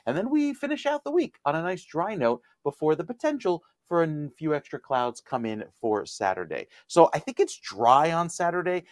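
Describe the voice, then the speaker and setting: A man delivering the TV weather forecast in a relaxed, conversational way, then chatting with the host. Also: fairly high pitch, normal speed, hardly any pauses, no room sound, studio quality. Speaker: TV meteorologist. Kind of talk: weather forecast and studio banter.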